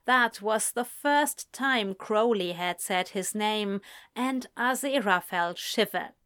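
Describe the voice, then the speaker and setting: A woman narrating a story in a slow, measured reading voice. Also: mid-range voice, a bit bright, clean tone. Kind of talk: fan fiction reading.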